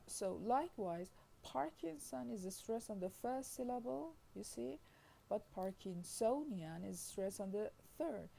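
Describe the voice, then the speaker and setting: Lady teacher going thru word examples slowly, dark mellow voice, bit of hiss behind. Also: medium pitch, vocal fry, rough recording. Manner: reads slowly, repeats "I mean" and "you see", stretches out example words. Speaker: linguistics lecturer. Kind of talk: recorded lecture reading from slides.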